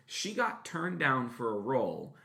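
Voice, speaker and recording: A podcast co-host in his late thirties who talks in loose, rambling bursts, full of ums and restarts, and swears offhandedly. His voice has a bright, forward edge, pitched at an ordinary middle height for a man. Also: huge pitch swings, measured pace, vocal fry. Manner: rambling, many fillers and restarts; swears casually. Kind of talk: casual chat.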